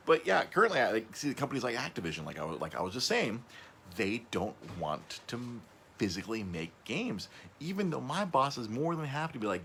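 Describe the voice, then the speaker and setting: A man hosting a casual podcast, rambling, stumbling over and repeating his words, his voice jumping up when he gets excited. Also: mid-range voice, normal speed, pauses often, a little hiss or hum. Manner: excitable, voice jumps up on emphasis. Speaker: podcast host.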